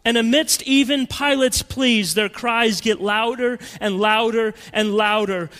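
A man preaching a sermon in a dramatic, emphatic way, swinging between loud and hushed. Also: very high voice, fairly even intonation, unhurried, in a large hall.

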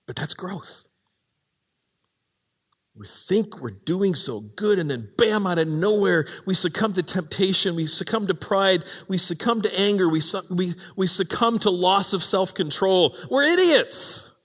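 A man with a high voice preaches a sermon in a church, and his words ring out with a long hall reverb. He talks in an animated way and acts out the voices of the people he quotes. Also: measured pace. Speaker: pastor.

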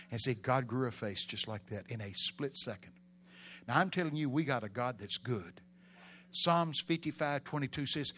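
A man with a Texan accent, preaching a sermon in a folksy storytelling way, with bursts of loud emphasis. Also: medium pitch. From Texas.

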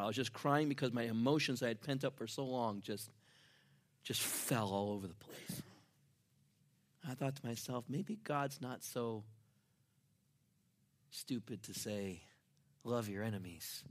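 Storytelling male pastor, loud then hushed. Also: medium pitch, moderate pace, long pauses. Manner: storytelling, swinging from loud to near-whispered. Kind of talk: sermon. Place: church.

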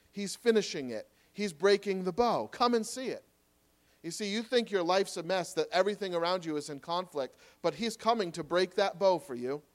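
Earnest pleading male preacher. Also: high voice. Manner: earnest, pleading, swings between loud urging and soft quiet reassurance. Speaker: pastor. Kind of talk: sermon.

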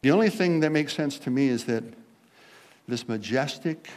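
A man's voice: fairly high pitch, fast talker. A man preaching a conversational sermon, telling stories and acting out the people in them. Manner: conversational preaching, animated storytelling with voiced quotes. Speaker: pastor.

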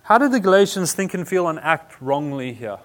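A man's voice: fairly high pitch, sing-song, brisk, a bit bright. A man teaching a church group in a conversational style, restarting phrases and adding humorous asides. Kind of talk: informal teaching talk.

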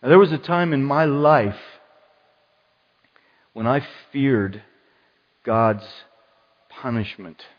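A man preaching a sermon as pastor, lively and dramatic, acting out the voices of the people in his story. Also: mid-range voice, slow pace, long pauses. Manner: animated, acts out quoted voices. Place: church. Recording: muffled church hall sound with long reverb.

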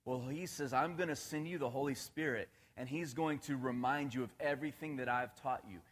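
Man, preacher, casual sermon, chatty, asks the room questions, average pitch. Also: fairly quick. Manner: casual, asks the congregation questions, laughs at his own jokes. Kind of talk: conversational sermon.

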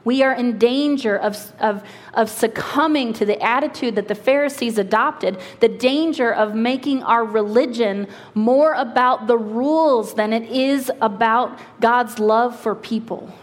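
A woman lead pastor preaching a sermon and reading scripture, earnest and slowing for emphasis, with quick asides. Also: a little high. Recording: long hall reverb.

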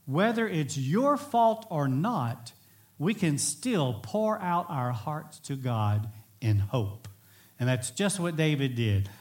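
A man preaching a sermon in an earnest, emphatic way, sometimes swelling to near-shouts. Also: medium pitch. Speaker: pastor.

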